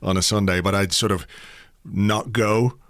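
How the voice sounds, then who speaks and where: A man's voice: on the low side, steady tone, a little slow, a bit bright, no echo, studio quality. A middle-aged man hosting a podcast, chatting casually and telling stories with playful asides. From Ireland. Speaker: podcast host. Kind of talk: casual chat.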